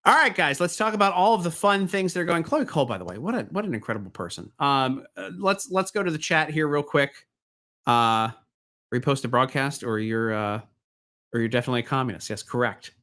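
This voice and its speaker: A man's voice: medium pitch, animated, brisk, pushed and bright. A middle-aged man hosting a casual online talk show, chatting loosely and rambling from one thought to the next. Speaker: host. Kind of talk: casual chat.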